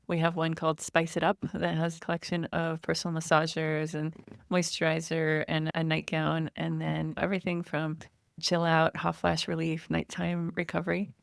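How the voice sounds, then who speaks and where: Deep and creaky, with an entirely flat delivery at an ordinary pace, a woman in her 40s chats through a casual podcast interview about founding her online store, explaining things with light laughs. There's no echo, and the studio sound is clean.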